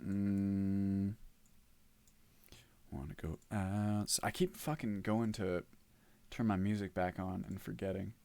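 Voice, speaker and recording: A male streamer chats loosely while he works, drifting between topics and answering his viewers' messages. His voice is deep and clear. The recording is close and dry. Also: flat delivery, slow pace, pauses often, mellow, no echo. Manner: rambling, reads chat aloud, hums while working. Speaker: modlist developer streamer. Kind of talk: casual livestream chat.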